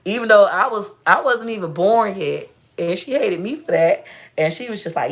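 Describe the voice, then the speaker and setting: A woman's voice: on the low side, moderate pace, vocal fry, a bit bright. A young woman chatting casually to viewers on a livestream, telling family stories. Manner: chatty, storytelling, talks straight to viewers. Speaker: livestream host. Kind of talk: casual live-stream chat.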